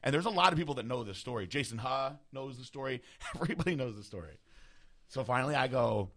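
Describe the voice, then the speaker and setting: A young man tells a long story on a podcast in a rapid, tumbling way. His voice is bright and forceful. He swears freely and slips into the voices of the people he quotes, then drops back into casual chat. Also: mid-range voice, animated. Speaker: podcast host.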